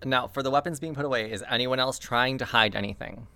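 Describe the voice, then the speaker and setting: Male game master, deadpan narration, gravelly voice, dry close sound. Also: mid-range voice, fast talker, no room sound.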